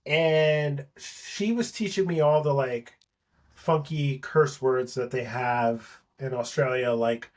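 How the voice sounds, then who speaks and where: A man, an actor guest, in casual chat, telling animated stories and swearing freely. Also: medium pitch, slow pace. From Palestinian family.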